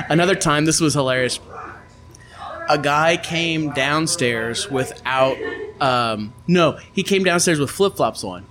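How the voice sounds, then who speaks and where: A man's voice: fairly high pitch, measured pace, background noise. A young man casually telling funny stories on a podcast, acting out the people he quotes. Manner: animated anecdote teller, acts out quotes. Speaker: podcast co-host. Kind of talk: casual storytelling chat.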